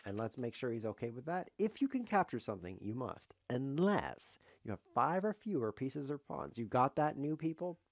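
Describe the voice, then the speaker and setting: A man's voice: mid-range voice, sing-song, normal speed, few pauses, no room sound. A man commenting live on his own chess game as a streamer, sarcastic, self-mocking and grumbling.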